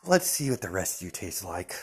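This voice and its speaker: A man voicing a calm, menacing young male killer with glowing eyes, speaking quietly and slowly. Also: low voice, background noise. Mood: quiet menace.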